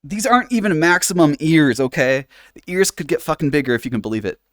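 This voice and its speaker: Speaking fast with lively intonation, the man has a slightly high, a bit bright voice, recorded cleanly in the studio without echo. He's streaming live from a home VR setup, chatting casually and rambling through fillers and restarts while laughing a lot and swearing freely.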